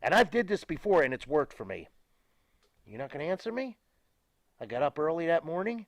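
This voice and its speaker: A man's voice: on the high side, very animated, brisk, dry recording. An older man, a retired pro wrestler, ranting emphatically and with profanity as a guest in a studio interview.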